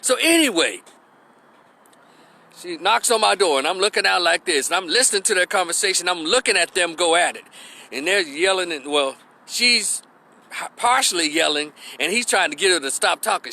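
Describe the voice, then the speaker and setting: A man telling a story on his YouTube channel in a rambling, profane, animated way. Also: high voice, normal speed, gravelly. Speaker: YouTube creator. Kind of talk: storytime vlog.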